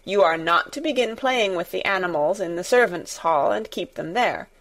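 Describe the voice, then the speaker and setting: A woman's voice: on the low side, expressive, moderate pace, fairly bright tone. A woman voicing an imperious young boy master. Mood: commanding. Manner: lordly, commanding. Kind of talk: storybook reading.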